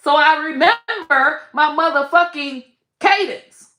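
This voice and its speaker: Woman, profane rant, slightly high voice, echoey room. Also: measured pace. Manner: blunt, profane, animated, trails off and restarts. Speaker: online comedian and commentator. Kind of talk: casual profane rant to camera.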